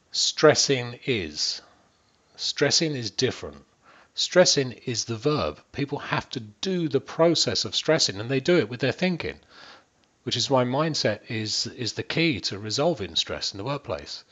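A man's voice: medium pitch, fairly bright tone, highs cut off. A man working as a wellbeing coach, talking straight to camera in an earnest, emphatic way and repeating words for stress.

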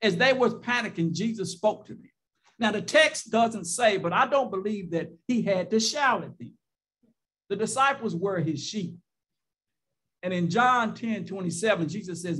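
High-voiced preacher with emphatic rhetoric. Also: male voice, expressive, moderate pace, fairly bright tone. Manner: rhetorical questions and repeated phrases. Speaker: pastor. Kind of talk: sermon.

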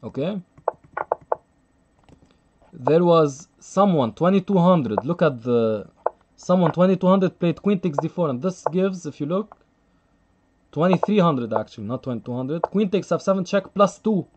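A man's voice: a little high, animated, a little slow, long pauses, a little mellow, highs cut off, a little hiss or hum. Chatty man commentating a chess stream. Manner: chatty, laughs often, thinks aloud with many fillers. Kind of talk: live stream commentary, reading chat.

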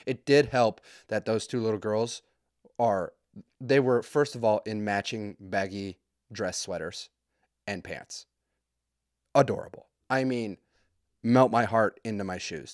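A man's voice: lowish voice, no echo. Profane joking man, dry close sound. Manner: profane, rambling and joking, with quick asides. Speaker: podcast host. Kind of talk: comedic storytelling.

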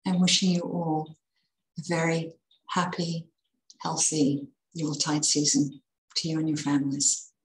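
A woman reading a Christmas story aloud in a measured, expressive way. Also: low-pitched, echoey room, a little hiss or hum, rough recording.

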